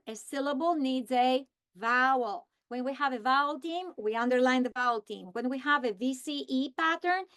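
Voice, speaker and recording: A woman explaining how to teach a reading lesson, slowly modeling the script she would read to students. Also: high voice, fairly bright tone. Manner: slow, deliberate modeling of a script. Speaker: teacher trainer. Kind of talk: instructional walkthrough.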